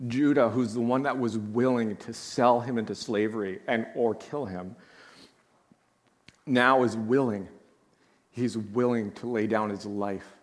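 A deep-voiced man delivering a sermon, reading scripture aloud in a soft, measured way and pausing to comment with emotion. His voice rings out with a long reverb, as if in a large hall. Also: fairly even intonation. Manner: reads slowly and softly, then comments with emotion. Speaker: preacher.

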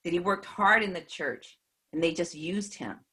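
A woman earnestly recounting a personal faith testimony in a measured way. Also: lowish voice, pushed and bright, husky. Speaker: speaker giving a faith testimony.

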